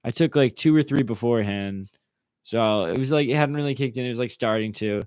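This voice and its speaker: A man's voice: medium pitch, brisk, a little mellow, smooth, no room sound, studio quality. A young man from Maryland, a podcast guest telling a laid-back story full of fillers. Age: young adult. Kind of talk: casual chat.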